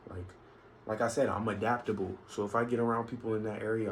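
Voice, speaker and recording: In a casual monologue, a man airs his grievances on a vlog, rambling with frequent restarts and asides. He talks fast in a lowish voice with fairly even intonation; the audio is poor, with faint noise in the background.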